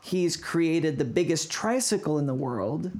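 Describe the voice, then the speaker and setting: Podcast host just chatting thru a story, lots of restarts, mid pitch. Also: animated, unhurried, darkish tone. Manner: rambling storytelling with many restarts. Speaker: podcast host presenting a segment. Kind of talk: casual podcast chat.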